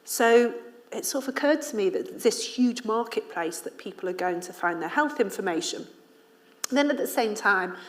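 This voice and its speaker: Candid, laughing woman storyteller. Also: lowish voice. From Liverpool, England. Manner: candid, animated storyteller who laughs often. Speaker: author and journalist, invited speaker. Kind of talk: casual talk at a public ideas event.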